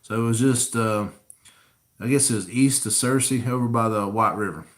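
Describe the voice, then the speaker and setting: A man's voice: lowish voice, moderate pace. A man hosting a casual live-stream Q&A, chatting easily and reading viewer comments aloud. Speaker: coon hunting channel host. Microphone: camera rig mic.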